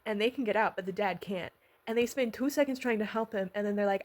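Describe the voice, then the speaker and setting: A woman vlogger recapping a miniseries in a casual, rambling way, excitable and swearing freely. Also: medium pitch, quick pace.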